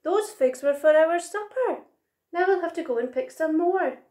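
Woman voicing a big male monkey, storybook, patient, loving, gently scolding, slightly high, echoey room. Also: animated, normal speed. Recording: roomy echo.

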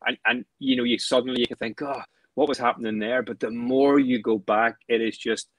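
Man, Northern Irish accent, fairly low pitch, very even and flat intonation, dry close sound. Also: brisk, dry recording, lo-fi sound. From Northern Ireland. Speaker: guest. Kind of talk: casual chat.

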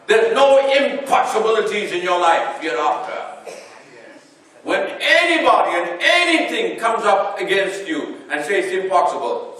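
A man preaching slowly and deliberately, his voice rising and falling in wide, lively swings. He sounds a little far from the mic, and his words ring through a very echoey hall. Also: high-pitched. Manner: animated preaching, swelling and dropping his voice. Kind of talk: sermon.

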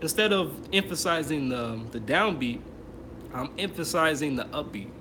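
A man's voice: fairly high pitch, expressive, normal speed, bright, forceful tone, a little hiss or hum. A man teaching trumpet in an online masterclass, explaining casually with many fillers and restarts. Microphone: computer mic on a video call.

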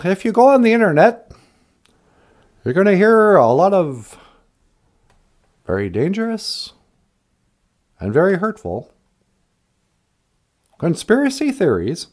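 A man doing an impression of a former male president, speaking slowly and deliberately with pauses between words. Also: on the high side, darkish tone, heavily acted.

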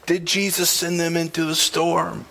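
A man's voice: a little high, flat delivery, unhurried, creaky, pushed and bright. A man preaching a sermon as pastor, emphatic, dropping in "man" and acting out quotes from scripture. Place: church sanctuary.

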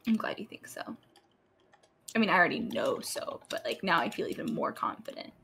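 A woman's voice: on the low side, sing-song, fairly quick, vocal fry, fairly bright tone, a little hiss or hum. A woman chatting casually while playing a game, playful and teasing. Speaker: co-player. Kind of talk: casual gaming chat.

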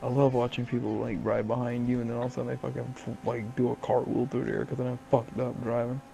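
A young man giving casual, profane, excitable commentary while playing a game with a friend. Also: mid-range voice, fast, vocal fry, slight background noise. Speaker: gameplay channel host.

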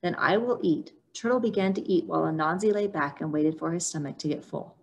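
A woman reading a children's picture book aloud for storytime, in a steady storytelling manner. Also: sits low, quick pace, vocal fry, slight background noise. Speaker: storytime reader.

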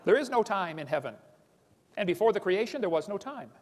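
A man's voice: high voice, very animated, a little hiss or hum. A man giving a blunt, mocking lecture to an audience, often calling ideas stupid and talking down to them as boys and girls. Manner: rapid-fire, addresses audience as boys and girls. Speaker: creationist lecturer. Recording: lecture hall reverb.

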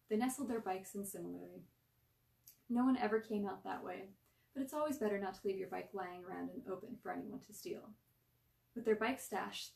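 A woman reading a short story aloud with lively, expressive narration. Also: fairly low pitch, vocal fry, echoey room, distant mic. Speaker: story reader.

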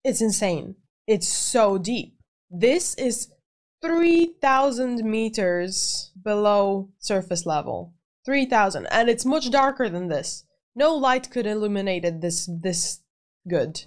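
A woman's voice: medium pitch, animated, slow pace. A young woman in her twenties hosting a movie reaction video, exclaiming and swearing freely as she reacts. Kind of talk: casual movie reaction commentary.

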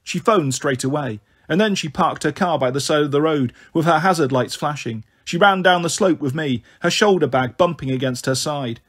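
A man reading a children's novel aloud in a measured, earnest storytelling manner. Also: a little high, a bit bright, slightly rough. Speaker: audiobook reader. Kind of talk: scripted narration of a children's novel.

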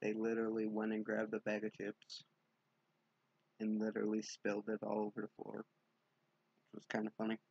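A young man telling a rambling late-night vlog story, casual and sweary, in a dark room at home. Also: lowish voice, completely flat delivery, fairly quick, vocal fry, long pauses, breathy edge, no room sound, dull audio. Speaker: vlogger.

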